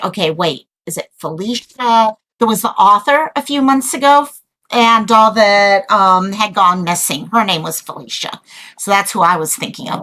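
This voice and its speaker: A woman hosting a casual livestream chat, excitable and rambling as she greets viewers and a guest. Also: medium pitch, poor audio. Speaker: livestream host.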